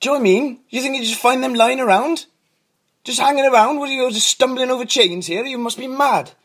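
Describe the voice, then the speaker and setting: A man's voice: fairly high pitch, animated, moderate pace. An actor playing an eccentric, pushy male cobbler with salesman patter. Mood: indignant. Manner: salesman patter, pointing things out. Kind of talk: comedy sketch acting.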